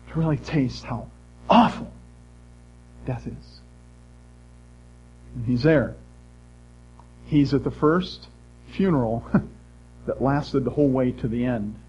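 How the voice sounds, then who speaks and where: Male preacher, middle-aged, husky warm voice, muffled lo-fi recording. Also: medium pitch. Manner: earnest, shifts between loud emphasis and hushed tones. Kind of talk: sermon.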